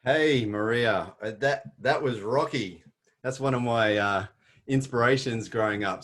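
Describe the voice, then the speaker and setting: A middle-aged Australian man presents an earnest motivational webinar, his speech full of fillers and restarts. His voice is medium in pitch, a bit bright, and a little slow.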